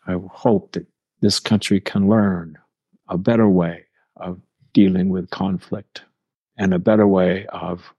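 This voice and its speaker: A man in his seventies, an interview guest telling his own story in a measured, thoughtful way. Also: low voice, fairly even intonation, mellow, breathy edge, no room sound, muffled recording. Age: 70s. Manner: measured, thoughtful, with small restarts.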